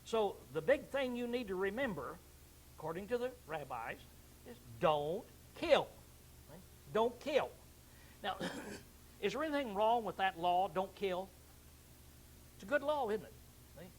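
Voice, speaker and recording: A man preaches with a high, lively voice that swoops up and down. He acts out bursts of anger and keeps clearing his throat. A faint hiss sits under the recording. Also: moderate pace, long pauses, low-quality recording. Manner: animated, acts out angry outbursts, clears throat often. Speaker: pastor. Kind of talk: sermon.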